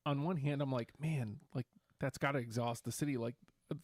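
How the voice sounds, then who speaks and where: An easygoing man co-hosts in casual chat, rambling through his points with plenty of fillers. His voice sits at a middle pitch and sounds close and dry. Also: fairly even intonation, brisk, a little mellow, dry recording. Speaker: podcast co-host.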